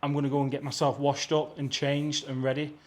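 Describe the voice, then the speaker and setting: A man's voice: mid-range voice, flat delivery, brisk. Gushing British man vlogging on his travels. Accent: British English. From Britain. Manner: gushing, effusive, chatty. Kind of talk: casual vlog to camera. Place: rented apartment and balcony, partly outdoors.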